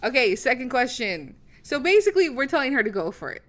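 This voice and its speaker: A woman's voice: high-pitched, very animated. Loose, profane young woman co-host. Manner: swears freely, laughs a lot, talks in quick bursts. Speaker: podcast co-host. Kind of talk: casual chat.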